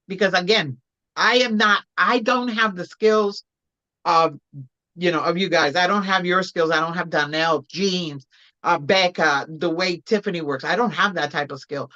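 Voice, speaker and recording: A woman from Puerto Rico chatting casually as a guest, telling stories in an animated way. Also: on the low side, highs cut off. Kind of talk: casual chat.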